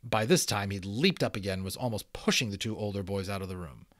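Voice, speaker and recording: A man giving a dramatic reading of a children's novel, expressive and adding casual asides. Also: fairly low pitch, fast talker, dry recording, studio quality. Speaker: audiobook reader.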